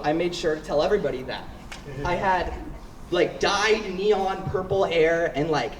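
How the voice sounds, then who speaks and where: A man's voice: on the high side, a little hiss or hum. Playful teenage boy telling a story. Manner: lively, playful, casual. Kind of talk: live storytelling. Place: school auditorium stage. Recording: roomy hall, mic far off.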